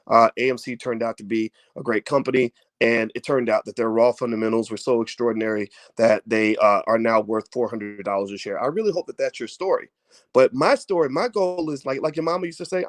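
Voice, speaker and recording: A man's voice: medium pitch, expressive, brisk, no echo. A man giving casual livestream finance commentary, folksy and preachy, with everyday analogies and repeated phrases for emphasis.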